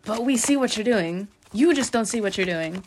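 A woman's voice: mid-range voice, animated, normal speed, a little hiss or hum. A young woman hosting a podcast, giving a casual, chatty tarot reading with frequent laughs and loose filler-heavy talk.

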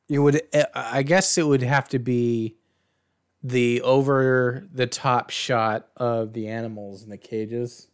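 A young man co-hosting a casual movie review podcast, animated and swearing freely, retelling scenes with quoted lines. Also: mid-range voice, clean tone. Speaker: podcast co-host.

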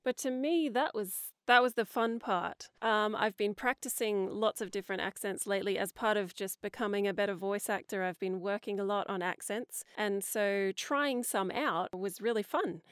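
A woman's voice: mid-range voice, normal speed, hardly any pauses, clean tone, dry recording, clean studio sound. A woman voice actor answering interview questions in an upbeat, articulate way; she is not American. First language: non-American English speaker. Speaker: voice actor guest.

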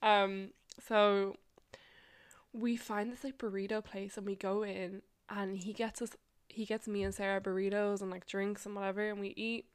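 Young woman, smooth clear voice, rambling casual storytelling, swears and laughs a lot. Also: mid-range voice, level tone, normal speed. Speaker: vlogger.

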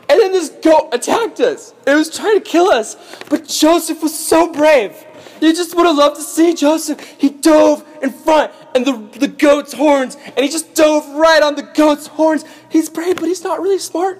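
A man voicing a pack of scheming young brothers, whiny, exaggerated and mock-sincere. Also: high-pitched. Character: scheming older brothers, young men, gleeful and fake.

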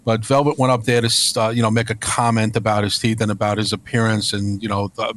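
A man's voice: fairly low pitch, little pitch movement, quick pace, fairly bright tone. A man co-hosting a podcast, telling a story in a rambling, casual way with swearing and restarts. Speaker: podcast co-host. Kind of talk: casual chat.

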